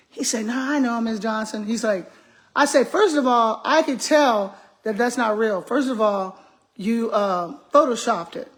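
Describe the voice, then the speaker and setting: A woman's voice: fairly high pitch, normal speed. A middle-aged retired school principal, a woman, chatting casually to her viewers and acting out the quotes in the stories she tells. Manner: animated, laughing storyteller acting out quotes. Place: home kitchen.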